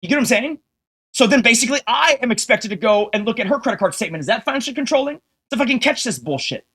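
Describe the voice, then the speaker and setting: A very high, husky, fairly bright voice with lively intonation pours out very fast as a man rants on stream. Constantly cursing, exasperated and combative, he keeps turning to his viewers with rhetorical questions to hammer home his point.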